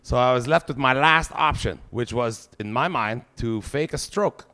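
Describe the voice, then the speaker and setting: A man's voice: mid-range voice, moderate pace, pushed and bright. A man doing live stand-up, telling a crude, self-mocking story peppered with swear words. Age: 40s. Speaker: stand-up comedian.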